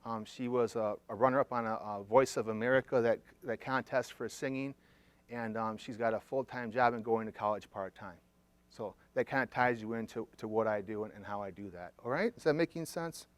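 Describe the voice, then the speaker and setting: A man's voice: fairly low pitch, brisk, dry recording. A man, a therapist, presenting a case study to an audience in a conversational storytelling way, checking in with listeners as he goes.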